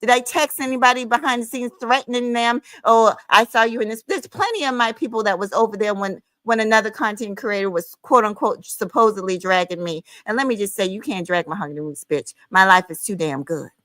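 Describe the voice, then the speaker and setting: A woman's voice: medium pitch, brisk, few pauses, a bit bright, no echo. A middle-aged woman hosting a livestream, ranting angrily in a profane, confrontational, taunting way. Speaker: livestream host. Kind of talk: angry livestream rant.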